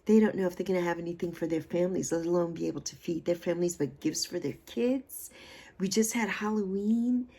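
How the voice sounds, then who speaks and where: A woman's voice: on the low side, a little fast, warm tone, husky. A woman in her sixties hosting a livestream, talking in an effusive, heartfelt way and repeating phrases for emphasis while still emotional. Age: 60s. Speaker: livestream host. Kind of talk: heartfelt casual livestream chat.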